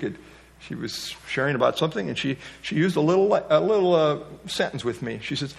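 High-voiced man preaching a sermon. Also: expressive, brisk, creaky. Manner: conversational storytelling, folksy asides. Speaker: pastor.

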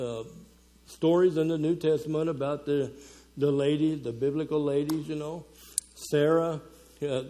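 A man's voice: on the high side, mellow. A man preaching to a women's conference in a folksy, conversational way, with fillers and small chuckles. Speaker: conference speaker. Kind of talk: conversational sermon.

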